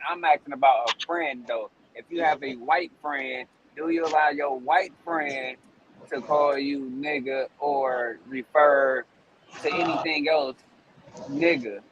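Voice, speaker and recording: Questioning man with a slightly higher voice. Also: steady tone, a little slow, fairly bright tone, dull audio, a little hiss or hum. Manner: questioning, redirecting. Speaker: podcast co-host. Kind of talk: casual podcast debate.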